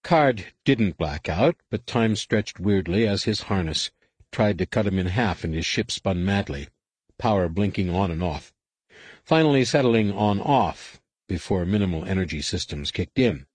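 A man narrating an audiobook chapter in a measured, even reading. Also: sits low, husky, dry recording. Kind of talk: scripted narration.

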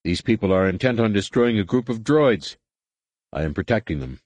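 A man voicing a gentle male alien clone warrior who speaks calmly and earnestly. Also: fairly low pitch, moderate pace, no echo. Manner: calm, earnest, pleading.

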